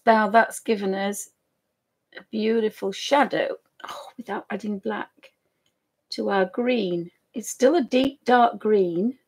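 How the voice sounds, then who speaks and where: A woman's voice: mid-range voice, breathy edge. A woman hosting a live painting tutorial stream, chatty and easily amused, with apologetic asides to her viewers. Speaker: art demonstrator.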